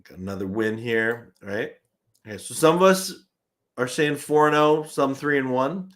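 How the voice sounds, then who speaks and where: Animated male stream host reading chat. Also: medium pitch, normal speed. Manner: animated, chuckles often, frequent restarts. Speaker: host of a live fan stream. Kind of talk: casual live-stream chat, reading viewer comments.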